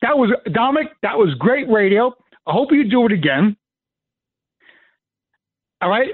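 A male caller phones into a talk radio show, gushing with excitement. His voice is high and bounces around. He comes through a tinny, dry phone line. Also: normal speed, no room sound. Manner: excited, gushing, laughs easily.

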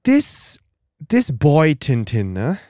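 A man's voice: fairly high pitch, no room sound. A man co-hosting a podcast, chatting casually and reacting playfully to a comic as he reads it. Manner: playful, animated, quick to laugh. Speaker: podcast co-host. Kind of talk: casual chat, reading a comic aloud.

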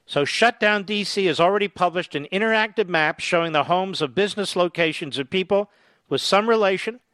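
A man's voice: sits high, fairly bright tone, clear, resonant tone, no room sound, clean studio sound. A man hosting a political talk radio show, speaking in a combative, emphatic monologue.

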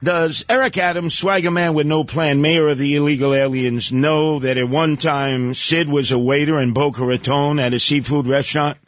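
A man's voice: a little high, steady tone, normal speed, few pauses, faint music behind. A man hosting a radio talk show, delivering an opinionated, sarcastic and combative monologue.

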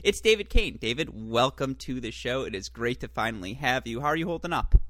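A man's voice: mid-range voice, animated, a little fast, fairly bright tone, a little hiss or hum. A man hosting a podcast interview, chatty and joking, with frequent filler words. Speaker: podcast host.

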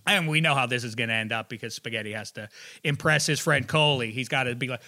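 A man's voice: medium pitch, fast talker, sharp tone. A man hosting a casual podcast chat, rambling and joking, with a habit of slipping into mock accents. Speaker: podcast host.

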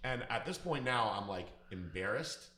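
A man's voice: medium pitch, animated, normal speed, pushed and bright. A man telling a personal story in a casual, blunt, profane and emphatic way. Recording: echoey room.

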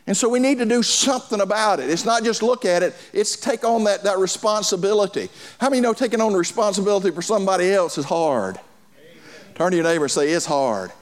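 A male pastor preaching a sermon to his congregation, repeating phrases and calling for responses. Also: sits high.

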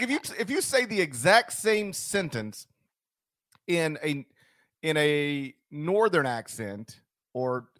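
A man's voice: sits high, a bit bright, no room sound, clean studio sound. A man with a Southern American accent, co-hosting a sports podcast, playful and laughing often. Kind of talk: casual sports talk.

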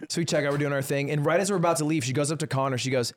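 A man's voice: on the high side, rapid-fire. A young man co-hosting a podcast, casually telling a story and laughing often. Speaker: podcast co-host. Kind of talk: casual chat.

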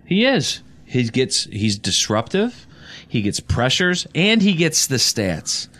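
A man's voice: medium pitch, sing-song, slow pace, fairly bright tone. A man co-hosting a casual sports podcast, blunt and wry as he tells stories.

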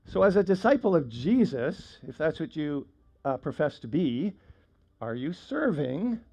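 A man's voice: a little high, very animated, measured pace, dark tone, muffled recording. A man preaching a sermon in a conversational way, with frequent fillers and restarts. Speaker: pastor.

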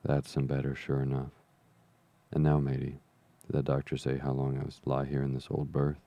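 A man reading the part of a sick old pirate sea captain, feeble and weak, pleading and grumbling in rough sailor's slang. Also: rumbling low, monotone, normal speed, warm tone, dry recording. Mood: blustering. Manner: rough sailor's slang, begging then blustering.

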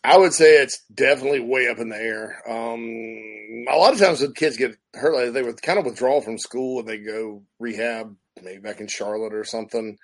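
A man's voice: medium pitch, normal speed, poor audio. A man co-hosting a sports talk show, joking and slipping into mock-solemn chants. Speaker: radio show co-host.

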